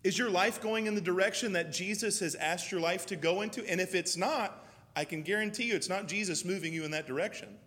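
A man's voice: high-pitched, brisk, a bit bright. Man, pastor, emphatic repetitive preaching, sermon, church with long echo. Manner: emphatic preaching with repeated phrases.

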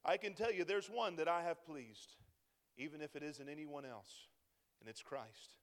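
A man preaching a sermon with passion. He swings from fervent near-shouting peaks down to low, hushed lines. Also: normal speed. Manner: impassioned, rising to near-shouting peaks then dropping low. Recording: long reverb of a large hall.

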